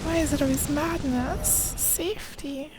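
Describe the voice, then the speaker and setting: A woman's voice: high-pitched, fairly even intonation, measured pace, very noisy. A woman streaming a game, chatting playfully with viewers and yelping in mock panic. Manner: playful, talks sweetly to chat, yelps in mock panic. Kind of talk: casual gameplay chat.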